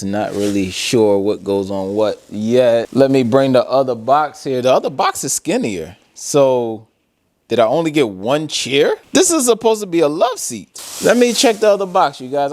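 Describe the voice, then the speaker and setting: A man hosting a casual home product review vlog, chatting straight to viewers as he unboxes furniture at home. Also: medium pitch. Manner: chatty, addresses viewers directly, frequent "you guys" and "bro".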